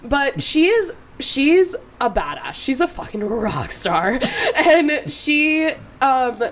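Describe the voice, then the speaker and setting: A young adult woman, a podcast guest, telling a story in a casual, animated way with frequent fillers and swearing. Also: high voice, slow.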